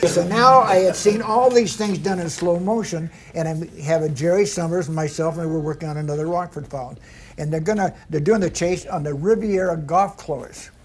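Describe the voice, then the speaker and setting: An older man, a veteran stunt performer, telling lively anecdotes and acting out other people's lines, with frequent laughter. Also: high-pitched. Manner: animated yarn-spinner, mimics others in quotes, laughs often. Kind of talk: anecdotal storytelling.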